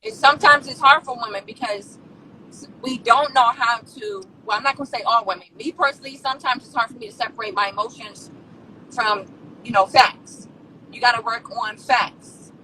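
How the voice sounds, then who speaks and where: A woman's voice: fairly high pitch, normal speed, pushed and bright. Earnest woman on a distant mic. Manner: frank, personal, earnest. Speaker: caller. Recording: distant mic with faint noise.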